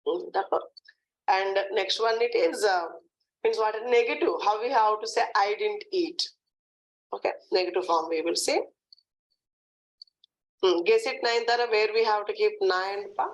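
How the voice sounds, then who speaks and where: A woman teaching French in a lesson, drilling phrases slowly and often checking in with "hmm, d'accord". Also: medium pitch, lo-fi sound. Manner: slow, repetitive drilling with frequent "hmm, d'accord". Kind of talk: online language lesson.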